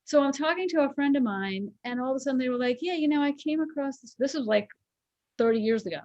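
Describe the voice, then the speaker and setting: A woman's voice: sits high, lively intonation, fast, darkish tone, dry recording. Casual co-host, a woman in her forties, candid and emotional, dry and a bit muffled. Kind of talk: casual chat, personal story.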